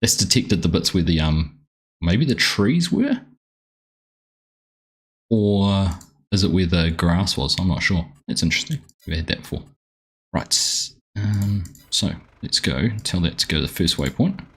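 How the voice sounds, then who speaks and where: A deep-voiced Australian man with a husky edge to his voice, streaming a game live from home. He chats in a loose, rambling way and greets viewers by name as he goes. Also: animated, measured pace, fairly bright tone. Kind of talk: casual live-stream chat.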